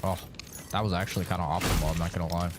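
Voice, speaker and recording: A man's voice: sits low, flat delivery, very fast, very noisy. A man streaming a horror game live, chatting casually and teasing viewers with plenty of swearing. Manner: teasing, profane, rambling.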